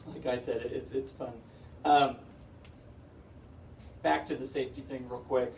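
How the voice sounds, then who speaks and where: A middle-aged man tells stand-up stories in a slightly high voice, chatty and self-deprecating, often chuckling. He is heard from a distance in an echoey indoor hall, with faint ambient noise behind him. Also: normal speed. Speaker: stand-up comedian. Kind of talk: stand-up comedy storytelling.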